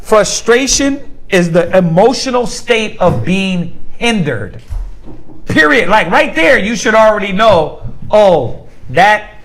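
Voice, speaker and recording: A man's voice: high voice, sing-song, slow, a bit bright, poor audio. A man leading a casual Bible class, talking informally and often asking the group "right?". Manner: conversational, asks the group rhetorical questions; informal slang, repeats words as he restarts.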